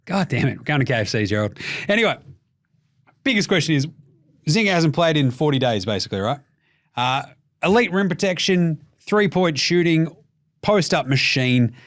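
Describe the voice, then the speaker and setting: A man's voice: a little high, sing-song, moderate pace, pauses often, a bit bright. An Australian man hosting a basketball show in casual, jokey, profane chat that rambles into tangents. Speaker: basketball podcast host.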